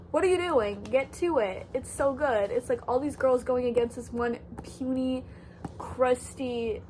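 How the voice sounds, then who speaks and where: A woman's voice: fairly high pitch, darkish tone, slight background noise, rough recording. A young woman from Canada chatting casually in a haul vlog, bubbly and gushing, full of "like" fillers. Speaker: thrift haul vlogger.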